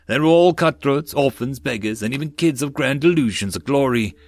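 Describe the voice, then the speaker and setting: A man's voice: mid-range voice, expressive, normal speed, no echo, pitched above the performer's own voice, close to an everyday voice. A man voicing a wary, modest male lance corporal who speaks plainly. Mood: weary.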